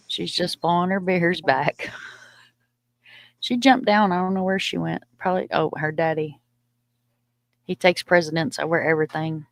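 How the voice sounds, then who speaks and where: A woman's voice: fairly low pitch, moderate pace, pauses often, dry recording. A woman hosting a livestream, chatting casually and laughing often. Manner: chatty, laughs often, baby-talks her dogs. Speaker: livestream host. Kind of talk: casual chat.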